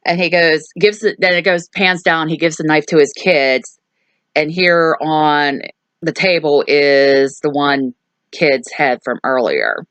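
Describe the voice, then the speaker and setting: A woman with a low-pitched voice talks through a film's plot in a loose, chatty way, full of "um" and "like". Her voice sounds dry and close, with no room around it. She hosts a movie review channel. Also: unhurried, a bit bright, clean tone, dry recording. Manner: chatty, lots of fillers and asides. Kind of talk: casual movie recap.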